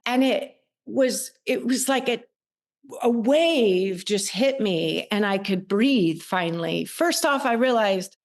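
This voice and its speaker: Middle-aged woman guest, candid and reflective, halting delivery. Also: medium pitch. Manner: emotional, reflective, halting with restarts. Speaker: podcast guest. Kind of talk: candid personal conversation.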